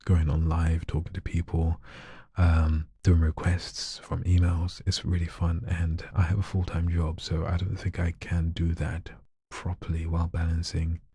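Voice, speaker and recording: A man chatting casually on a live stream, soft-spoken and shy, often slipping into whispers. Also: low voice, completely flat delivery, measured pace, slightly rough, no echo, clean studio sound. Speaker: live streamer and hobby voice artist.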